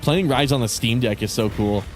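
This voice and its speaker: A young man rambling casually as he streams a game, profane and relaxed, restarting his sentences. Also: mid-range voice, moderate pace, soft background music. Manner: rambling, profane, laid-back. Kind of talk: casual gaming commentary.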